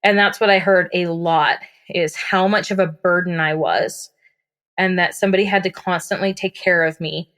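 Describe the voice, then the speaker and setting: A woman's voice: on the low side, steady tone, moderate pace, fairly bright tone. A young woman guest on a podcast, candidly recounting a personal story in a casual way with many fillers.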